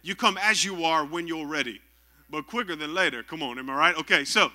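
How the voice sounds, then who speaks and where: A young man preaches to his congregation, stopping often to call for their answers. His voice sits high for a man and rings very bright and sharp. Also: brisk. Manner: lively call-and-response preaching. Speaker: pastor. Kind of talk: sermon.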